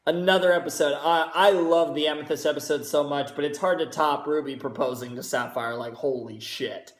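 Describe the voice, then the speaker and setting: A man hosting a reaction video, gushing excitedly and swearing heavily in casual commentary. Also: on the high side, fairly quick. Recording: roomy echo.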